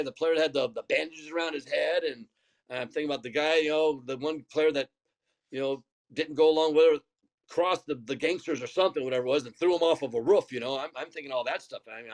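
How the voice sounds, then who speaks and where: Older man telling a rambling story. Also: fairly high pitch. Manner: rambling, repeats words, acts out quoted dialogue. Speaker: former baseball pitcher, guest. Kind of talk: conversational storytelling.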